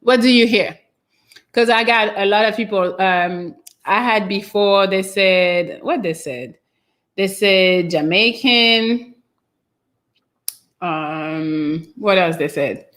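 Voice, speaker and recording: A woman's voice: medium pitch, slow, fairly bright tone. A French-accented woman hosting a casual live stream, chatting and reading out viewer comments in a meandering way. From France. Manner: chatty and meandering, trails off with fillers.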